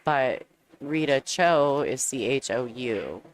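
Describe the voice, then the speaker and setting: Low-voiced woman bantering on commentary. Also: expressive, slow, a little hiss or hum. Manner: chatty and bantering, laughs often. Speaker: sports commentator. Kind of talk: casual play-by-play commentary.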